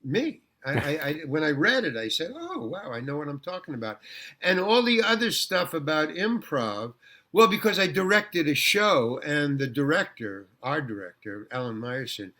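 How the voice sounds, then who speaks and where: In an interview, an older guest actor casually spins rambling anecdotes, restarting haltingly and repeating words. His voice runs on the high side, with a sing-song, sharp tone.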